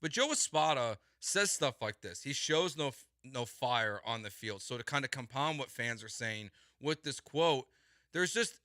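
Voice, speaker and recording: Bright, emphatic male sports radio host. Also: fairly high pitch, no room sound, studio quality. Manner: emphatic, exasperated, repeats words for stress. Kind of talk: heated sports talk.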